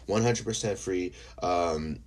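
A young man hosting a casual solo podcast who is high, rambling and swearing freely between fillers. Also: slow, darkish tone. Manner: rambling and profane, full of fillers. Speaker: podcast host.

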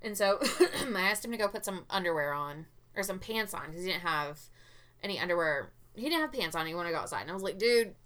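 A woman with a twang and a bright, forward voice. She tells her stories in an animated, candid way and swears without a second thought. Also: on the low side, fast talker. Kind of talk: casual chat.

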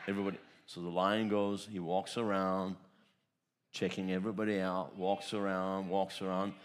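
A man preaching a sermon as pastor, storytelling with repeated phrases and swinging between loud declarations and soft asides. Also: low voice, level tone, normal speed, slight background noise.

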